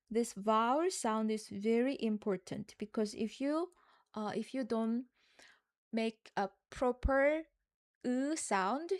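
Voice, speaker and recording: A woman runs a live language lesson, her voice sitting a little high. She says each word more than once in a patient, even teaching manner. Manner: patient, repeats each word slowly for learners. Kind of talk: live online Korean lesson.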